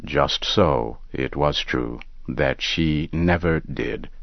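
Very deep, slow male story narrator. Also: no echo, highs cut off. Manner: measured, deliberate, low and calm. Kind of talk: slow scripted story reading.

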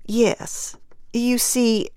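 A woman reading the lines of a kindly gray-haired older woman, soothing and gentle. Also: a little high, little pitch movement, extremely slow, clean tone, no room sound, clean studio sound, voice pushed up.

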